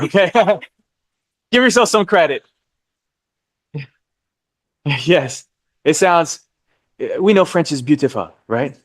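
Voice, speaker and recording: A man's voice: on the high side, expressive. A man teaching a live real estate licensing class, stretching out key terms and quizzing the class. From United States. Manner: drawn-out emphasis on key terms, asks the class questions.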